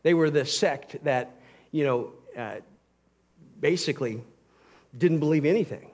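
High-voiced man preaching earnestly. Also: measured pace. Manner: earnest, emphatic preaching with sudden swings between loud and soft. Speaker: pastor. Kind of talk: sermon.

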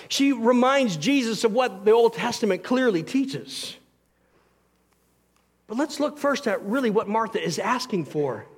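A man preaching a sermon as pastor, earnest and emphatic, swinging between loud passages and quiet ones. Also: high-pitched, slightly rough.

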